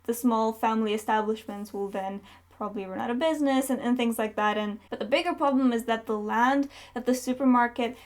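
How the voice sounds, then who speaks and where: Young woman doing casual book reviews, kinda high voice, talks candidly with lots of ums. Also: fairly even intonation, brisk, few pauses. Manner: chatty and candid, with frequent fillers.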